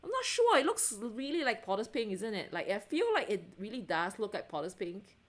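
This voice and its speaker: Woman livestream host, casual chatter, easily excited, laughs often, talks to her audience. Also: mid-range voice, fairly quick. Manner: chatty and excitable, lots of self-interruptions and giggles; asks viewers to check things, answers chat.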